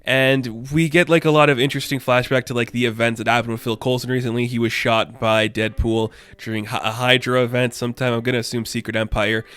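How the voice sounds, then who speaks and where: Chatty, enthusiastic man with a smooth voice. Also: medium pitch, a bit bright. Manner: casual, chatty, enthusiastic, laughs often. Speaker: comic book reviewer. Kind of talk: casual comic book recap.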